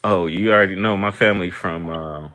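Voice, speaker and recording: A man from the American East Coast calls in to a livestream. His voice is very deep and low. He talks hesitantly and leans on fillers. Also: a little fast, a bit bright. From East Coast of the United States. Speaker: caller.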